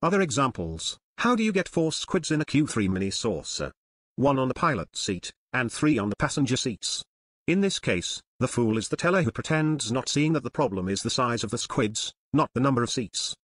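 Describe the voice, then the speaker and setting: A man giving scripted, deadpan comic narration in a dry, lecturing tone, like an outsider explaining things. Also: medium pitch, moderate pace, breathy edge, dry recording. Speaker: narrator of an educational series.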